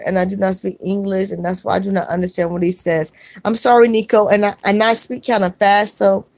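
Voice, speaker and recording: A middle-aged woman on a casual live stream, reading viewer comments aloud and answering each one warmly. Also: mid-range voice, dry recording. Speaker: vlogger reading live chat.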